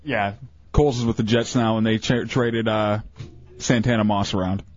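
A man's voice: on the low side, steady tone, moderate pace, faint music behind. A man co-hosting a radio show, answering football questions in a dry, easygoing way. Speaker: radio co-host. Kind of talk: casual radio banter. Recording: dull lo-fi radio recording.

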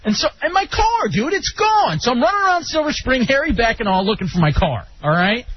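A man hosting a radio talk show, telling a story in an animated way and acting out the voices of the people in it. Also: very high voice, brisk. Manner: animated, acts out quoted voices. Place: radio studio. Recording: dull radio broadcast with faint hiss.

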